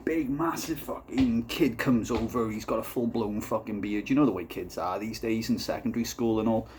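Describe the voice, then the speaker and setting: A man doing a casual comic vlog, rambling and swearing through a deadpan story while reviewing a beer. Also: on the low side, normal speed, slight background noise.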